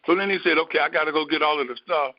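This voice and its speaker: A man preaching by telling a personal story in a folksy, animated way, with many fillers. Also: fairly high pitch, very fast, no echo. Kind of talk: storytelling sermon. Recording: dull, dry lo-fi recording.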